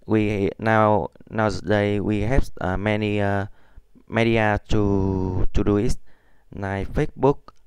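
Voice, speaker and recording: A man's voice: on the low side, fairly even intonation, slow, a little mellow, clean tone, dry recording, studio quality. A Vietnamese man speaking English with a Vietnamese accent, hesitant and full of fillers as he practices. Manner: hesitant, many fillers and restarts. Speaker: student.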